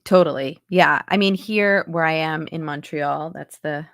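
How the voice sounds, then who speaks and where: Low-voiced woman on a video call, chatty, lots of ums, dry sound. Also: a little slow, no echo. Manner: chatty, lots of fillers and restarts. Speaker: accent and dialect coach, guest. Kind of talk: casual interview chat. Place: home in Montreal, on a video call.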